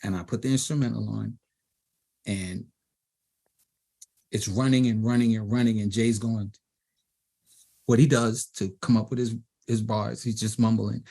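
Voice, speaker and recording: Brief: middle-aged New guest, husky voice, lively storyteller who mimics quoted people. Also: male voice, fairly low pitch, a little slow, long pauses. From Brooklyn, New York. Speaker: DJ and producer guest. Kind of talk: storytelling in a panel interview.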